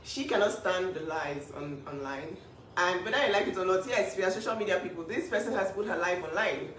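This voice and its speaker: A woman's voice: lowish voice, brisk, fairly bright tone, slight background noise. A woman speaking up for her younger sister in a vlog, emphatic and indignant, often repeating herself. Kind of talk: emotional vlog talk. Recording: echoey room, mic at a distance.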